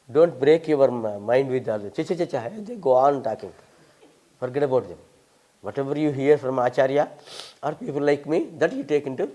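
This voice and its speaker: Here a visiting Sanskrit scholar, older and from India, handles questions from the crowd emphatically and with wry humour, as if lecturing. He speaks Indian English in a mellow voice pitched on the high side.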